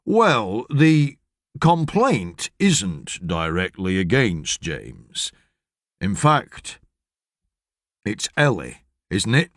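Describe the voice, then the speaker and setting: An actor reading an audiobook, playing a stolid middle-aged male police constable who speaks in a slow, measured, officious way. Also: lowish voice, huge pitch swings, dry recording, studio quality, pitched below the performer's own voice, heavily acted. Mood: formal, measured.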